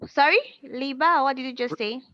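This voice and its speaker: Teaching a language lesson by video call, a woman with a high voice speaks at a moderate pace, patiently repeating words and coaxing her students to respond. The call audio sounds muffled.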